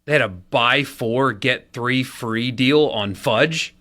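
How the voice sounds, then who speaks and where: A man's voice: mid-range voice, takes it slowly, sharp tone. A man co-hosting sports talk radio, teasing his partner and laughing easily in casual banter.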